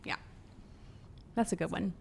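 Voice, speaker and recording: A woman, hosting a casual podcast chat and telling bubbly, upbeat stories. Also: a little slow. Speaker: podcast host.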